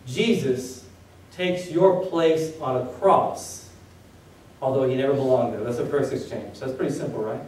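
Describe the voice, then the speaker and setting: A man's voice: medium pitch, unhurried, a little mellow. A man preaching a sermon as pastor, firing off rhetorical questions at his congregation. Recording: very echoey room, voice from a distance.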